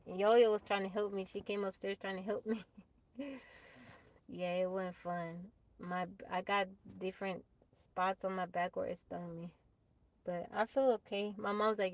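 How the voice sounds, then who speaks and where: Woman live streamer, chatty and laughing often, mid pitch, dry close phone sound. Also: no echo, rough recording. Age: adult, mother of a child. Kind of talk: casual live-stream chat. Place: tiny house off the grid.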